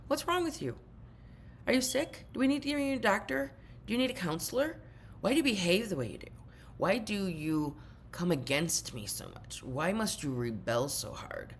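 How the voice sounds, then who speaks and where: A woman's voice: medium pitch, very animated, normal speed, slight background noise, pitched above the performer's own voice, lightly acted. A woman mimicking a harsh scolding mother. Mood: berating. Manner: loud, berating.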